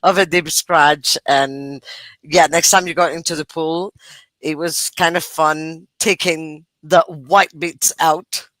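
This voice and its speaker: Woman guest, deep voice, slow halting chat, dry mic. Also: fairly even intonation, fairly bright tone, dry recording. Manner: unhurried, halting, with fillers. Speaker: guest, medical interpreter. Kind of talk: casual chat.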